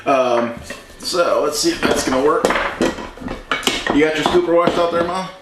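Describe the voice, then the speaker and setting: A man's voice: a little high, normal speed, heavy background noise. A man hosting a casual home cooking video, chatty and joking as he works, teasing his mother. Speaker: home cooking show host. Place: home kitchen. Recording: echoey kitchen with dish clatter. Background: clinking dishes and utensils.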